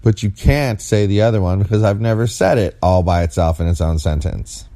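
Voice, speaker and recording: A man's voice: on the low side, brisk, mellow. A man co-hosting a podcast, talking in a rambling, playful, teasing way and sounding tired. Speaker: podcast co-host. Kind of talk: casual chat.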